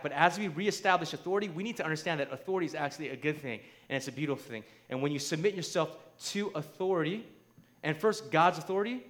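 A man preaching a sermon in a conversational, emphatic way, often checking in with "right?" and building to near shouts. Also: on the high side. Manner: conversational, asks the crowd "right?".

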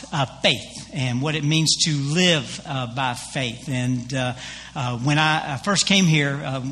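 A man's voice: fairly high pitch, sharp tone. A man preaching a sermon as pastor, telling stories in a folksy way with many fillers and restarts.

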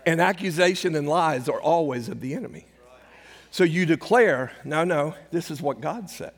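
A man's voice: on the high side, animated, moderate pace. Older male pastor, echoing hall. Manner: conversational storytelling, acts out quoted dialogue. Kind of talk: sermon. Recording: hall reverb.

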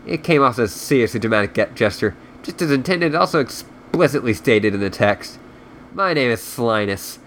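A man's voice: medium pitch, lively intonation, fairly quick, few pauses, fairly bright tone, a little hiss or hum. A man hosting a podcast, reading a story aloud and then chatting loosely with many fillers. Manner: loose, filler-heavy talk with lots of "like". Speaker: podcast host. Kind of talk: casual chat and reading aloud.

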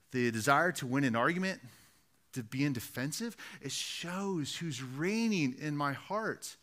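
A man's voice: a little high, fairly bright tone. A man preaching a sermon, earnest and repetitive, driving points home with rhetorical questions. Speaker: pastor.

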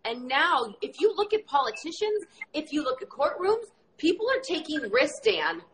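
A woman's voice: high voice, sing-song, moderate pace, fairly bright tone, slight background noise, low-quality recording. A woman hosting a casual interview, effusive and enthusiastic in her reactions. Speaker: interview host.

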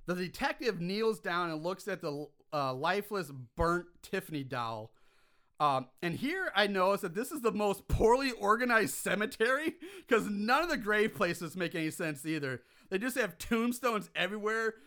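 A man co-hosting a podcast, recounting a movie's plot in casual chat with lively, exasperated asides. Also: sits high, moderate pace. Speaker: podcast co-host.

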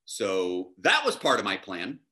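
A man's voice: fairly low pitch, a little slow. A man, a chef guest, telling a story in casual chat and acting out the voices of the people in it. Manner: animated, acts out dialogue in his anecdotes.

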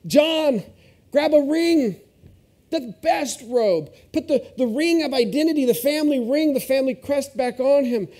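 Rich: An overjoyed older father, as a preacher puts him on, his high, mellow voice calling out orders one after another. He sounds excited and raised, caught up in welcoming someone home. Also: measured pace. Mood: jubilant.

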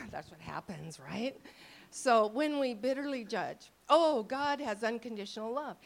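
An older woman gives a conversational ministry teaching to a live audience. She talks with a mid-range pitch, drops into acted-out inner voices, and keeps checking in with her listeners. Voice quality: expressive, acts out quoted thoughts in lively voices.

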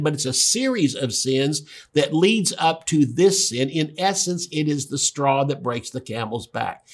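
A middle-aged man preaching a sermon, telling a story and jumping up in pitch to stress his points. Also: husky. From Oklahoma. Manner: storytelling, with sudden pitch jumps for emphasis.

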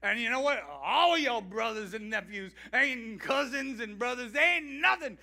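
A man's voice: very high-pitched, animated, moderate pace, pushed and bright, exaggerated voice. A man playing a proud king who boasts defiantly to his wife during a sermon.

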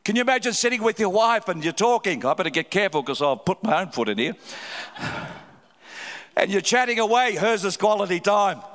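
A middle-aged man preaching a sermon with fervour, swinging between loud cries and low, quiet stretches. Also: very animated, brisk. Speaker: pastor. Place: large church hall. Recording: live hall reverb.

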